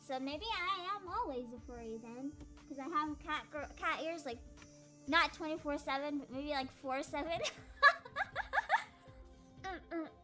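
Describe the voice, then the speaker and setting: A young woman live-streaming a game from home, giggling, excitable and swearing often. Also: high-pitched, measured pace, long pauses. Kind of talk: casual live-stream gaming chat. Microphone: desk mic with headphones. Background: game music.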